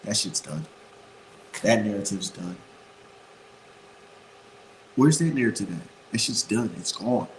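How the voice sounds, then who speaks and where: A man's voice: on the low side, expressive, slow pace, pauses often, slight background noise, poor audio. A man giving casual boxing opinions in a blunt, profane, rambling way, repeating his points for emphasis. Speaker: boxing commentator.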